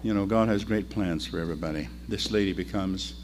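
A man preaching a sermon, telling the story in an animated way that swings between loud and quiet. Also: sits low, brisk, slight background noise.

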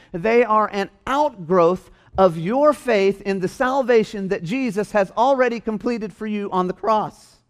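A man preaching a sermon in a church, stressing and repeating his key phrases. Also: high voice. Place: church hall.

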